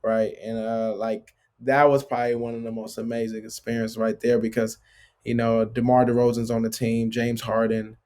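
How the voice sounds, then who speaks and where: This is a man in his late thirties, a basketball player being interviewed, speaking at medium pitch and ordinary pace. He retells stories with animation and a loose style, constantly dropping "like" and "bro."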